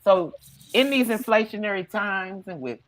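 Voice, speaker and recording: A woman with a mid-range voice speaks at a normal speed. She hosts a comedy podcast, chatting casually and acting out the people in her stories like an animated storyteller.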